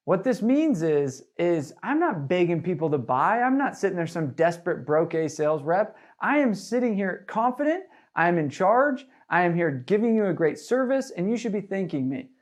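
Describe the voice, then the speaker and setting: A man teaching door-to-door sales in an energetic, casual way, with lots of fillers. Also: high voice, normal speed, hardly any pauses. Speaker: sales trainer. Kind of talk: sales training talk.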